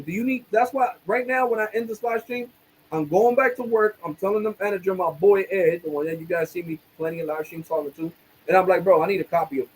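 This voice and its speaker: A man's voice: high voice, slight background noise, poor audio. A man ranting angrily on his livestream, swearing often and using casual streetwise slang. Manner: angry, profane ranting.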